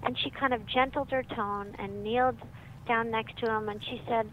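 A middle-aged woman, a psychiatrist and author, telling stories in a lively, animated way as a guest. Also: fairly high pitch, normal speed. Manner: lively, animated storyteller who laughs often. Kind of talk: storytelling in a conversation. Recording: muffled with faint background noise.

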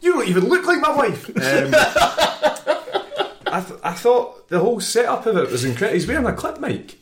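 A Scottish man co-hosting a casual podcast, bantering in an animated, quick way. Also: extremely high pitch, slight background noise. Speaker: podcast co-host. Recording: roomy echo.

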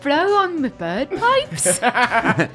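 A woman's voice: high-pitched, wildly swooping pitch, extremely slow, a bit bright, faint music behind. A woman playing a tabletop game, chatting in a giggly, playful way. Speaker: player. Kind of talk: casual game talk.

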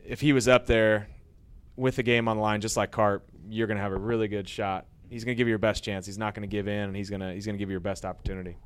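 A man, a former baseball pitcher, telling rambling anecdotes in a casual interview, growing lively as he retells old stories. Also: fast, smooth.

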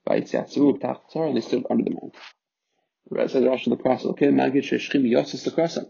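Gravelly man teaching a Torah text. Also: medium pitch, fairly even intonation, a little fast, mellow. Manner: reads Hebrew then explains in English, with fillers and restarts. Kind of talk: text study lesson, translating Hebrew line by line. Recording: muffled lo-fi recording.

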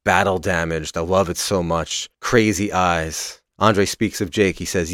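A man giving a casual, animated recap of a wrestling match as a podcast contributor, swearing freely and swinging between loud and quiet. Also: low voice, a little slow, hardly any pauses, clean tone, dry recording, clean studio sound.

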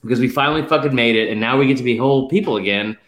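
A man's voice: mid-range voice, very fast, a bit bright, a little hiss or hum. Profane, rambling man in an echoey room. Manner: profane, rambling, mock-emotional speechifying. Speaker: podcast co-host. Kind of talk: casual sports betting chat.

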